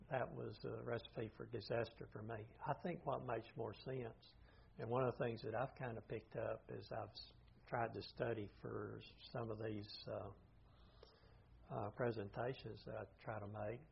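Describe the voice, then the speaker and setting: The clip is a dull lo-fi recording of an older man giving an informal lecture to a Bible study group, with slight background noise. He has a mid-range voice with vocal fry and speaks plainly, working through his thoughts aloud.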